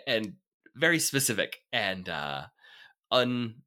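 A man hosts a casual film podcast in a very deep yet bright, forward voice. His pitch swings widely, and he talks in halting bursts with restarts and fillers, laughing often. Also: big pitch swings. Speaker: podcast host.

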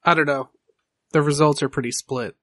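A man narrating as game master of a tabletop game, laid-back and casual, with halting fillers and offhand swearing. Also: a little high, fairly even intonation, a bit bright.

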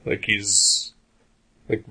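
A man's voice: extremely slow, sharp tone. A man talking casually about an old film, rambling with lots of fillers and restarts.

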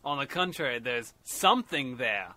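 Casting: a man putting on an Australian accent as a breezy animal expert, bright and sing-song. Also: medium pitch, expressive, moderate pace. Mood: sly. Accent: put-on Australian. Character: cheerful Australian male animal expert, cheeky.

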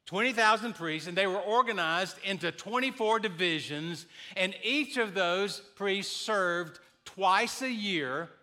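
A man in his sixties preaching a sermon, earnest and deliberate, sometimes restarting his sentences. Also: high-pitched, pushed and bright. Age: 60s. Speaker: pastor.

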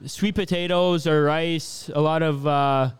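A man in his twenties from Canada, answering interview questions in a relaxed, easygoing way with lots of fillers. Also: fairly high pitch, unhurried, clean tone. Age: 20s. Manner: easygoing, laughs often, many fillers. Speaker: hockey player being interviewed.

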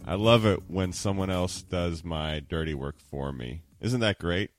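A man's voice: low-pitched, unhurried, dry recording, clean studio sound, faint music behind. A man hosting a podcast in a casual, chatty and upbeat monologue. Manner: chatty and upbeat, laughs easily. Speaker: podcast host.

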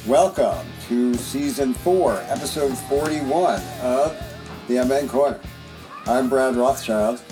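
A man's voice: mid-range voice, slow pace, music in the background. A middle-aged man co-hosting a podcast, telling a long casual story with rambling restarts and the odd curse. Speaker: podcast co-host. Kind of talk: casual chat.

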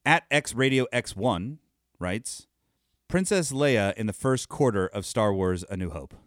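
A man's voice: fairly low pitch, expressive, a little slow, no room sound, clean studio sound. A man co-hosting a podcast in casual chat, laid-back and often chuckling. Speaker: podcast co-host.

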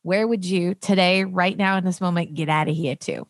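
A woman's voice: on the low side, fairly even intonation, normal speed, dry recording. A woman hosting a podcast in a chatty, casual way, laughing often as she talks. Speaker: podcast host. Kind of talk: casual chat.

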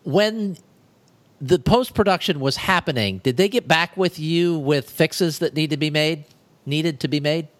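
Higher-voiced male interviewer. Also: a little slow. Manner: attentive, asks probing follow-ups. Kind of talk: casual interview questions.

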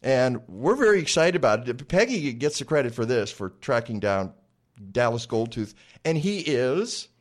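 A man's voice: medium pitch, very animated, normal speed. A man hosting a radio show from the studio, chatty and rambling, with lots of fillers. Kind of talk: casual radio talk.

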